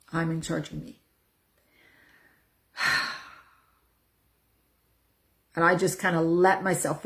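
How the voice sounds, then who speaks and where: A woman's voice: on the low side, gravelly, fairly bright tone. A middle-aged woman coaching viewers in a casual talk to camera, earnest and repetitive, often repeating her phrases for emphasis. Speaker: menopause coach.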